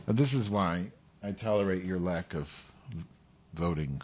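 A man hosting a casual chat, telling an animated story and acting out other people's voices. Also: low-pitched, normal speed, a little hiss or hum.

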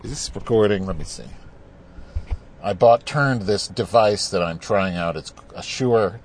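A man's voice: on the low side, unhurried, a little hiss or hum. A man talking alone in his car into a clip-on phone mic, ranting in a profane, rambling way. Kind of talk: casual monologue. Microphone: clip-on mic attached to a phone.

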